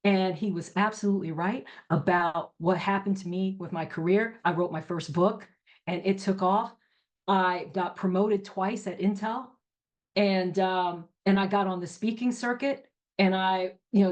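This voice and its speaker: Emphatic middle-aged woman telling a story. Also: mid-range voice. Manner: animated, emphatic storyteller with frequent "you know" and "right?". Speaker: entrepreneur guest. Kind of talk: conversational interview storytelling.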